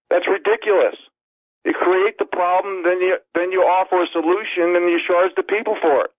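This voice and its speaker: A man's voice: sits high, no room sound. A man of sixty from New York City, a radio guest and author, running through an emphatic list of political demands and short of breath. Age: 60s. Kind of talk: impassioned political call-in monologue. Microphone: phone call. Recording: tinny phone line.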